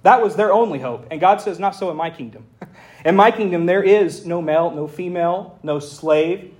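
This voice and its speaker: A man preaching a sermon as pastor, reading scripture aloud in an animated way with folksy asides. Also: high voice, normal speed.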